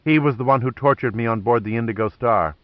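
A man's voice: mid-range voice, quick pace, no echo, dull audio, close to an everyday voice. A man voicing a tough, determined female undercover agent with a fierce edge. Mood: earnest.

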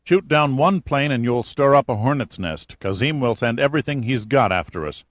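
A man's voice: mid-range voice, expressive, moderate pace, dry recording, studio quality, pitched above the performer's own voice, lightly acted. A man voicing a cautious, skeptical male scientist who protests and worries. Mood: arguing.

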